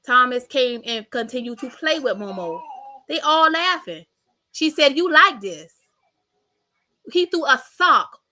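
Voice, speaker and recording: A woman talking in a high, bright voice. She runs a reaction commentary and sounds blunt, mocking and sassy. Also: expressive, unhurried. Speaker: commentary channel host.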